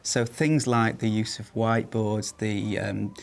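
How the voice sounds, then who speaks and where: A man with an English accent, a secondary school language teacher, talking in an interview with a brisk, practical way of explaining. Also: lowish voice, flat delivery, vocal fry. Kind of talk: interview talk.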